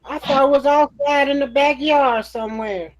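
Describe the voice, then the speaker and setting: A woman's voice: sits high, normal speed. A woman on a group video call, chatting in a folksy, teasing way and laughing easily. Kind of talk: casual chat.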